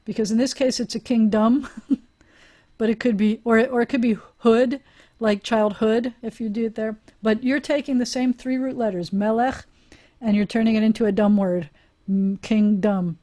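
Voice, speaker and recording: A woman's voice: on the high side, steady tone, normal speed, dark tone. A woman rabbi teaching a Hebrew class over a video call, chatty and encouraging, often laughing with her students.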